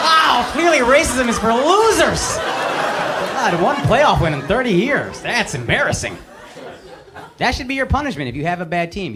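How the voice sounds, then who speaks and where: A man in his thirties doing a profane, punchy stand-up set on a club stage into a handheld mic. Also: high voice. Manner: brash, profane, punchy delivery. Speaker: stand-up comedian. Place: club stage before a laughing crowd. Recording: loud crowd laughter and noise.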